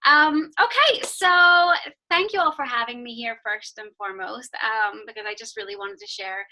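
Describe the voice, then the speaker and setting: Young belfast-cali accent woman on a video call, chatty, laughs a lot, bright voice. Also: high voice, sing-song, normal speed, gravelly, rough recording. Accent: mixed Belfast and Southern California. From Northern Ireland. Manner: chatty, laughs often, self-deprecating. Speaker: guest fitness coach. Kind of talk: casual storytelling on a video call.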